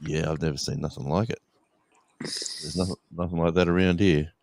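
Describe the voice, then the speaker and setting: Very deep-voiced Australian man. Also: fairly even intonation, moderate pace, a little mellow, no room sound, studio quality. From Tasmania, Australia. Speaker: guest. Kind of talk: casual live-stream chat.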